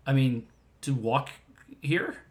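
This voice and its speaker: Animated, emphatic podcast co-host man. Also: mid-range voice, slow pace. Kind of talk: casual chat.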